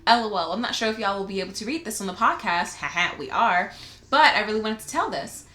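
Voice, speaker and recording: A woman's voice: mid-range voice, expressive, quick pace, pushed and bright. A young woman co-hosting a casual podcast, reading a listener's letter aloud, laughing often and swearing freely. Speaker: podcast co-host. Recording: roomy echo.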